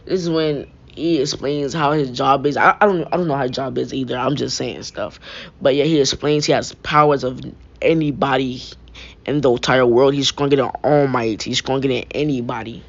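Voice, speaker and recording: A man's voice: medium pitch, steady tone, moderate pace, gravelly. A young man improvising a fan-fiction story, rambling with frequent restarts and filler phrases. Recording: dull lo-fi mic.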